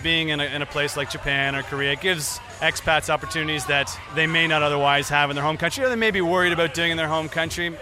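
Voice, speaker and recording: A man's voice: a little high, fast, hardly any pauses, music in the background. A comedian from Canada talking thoughtfully about his set in an interview. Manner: thoughtful, relaxed.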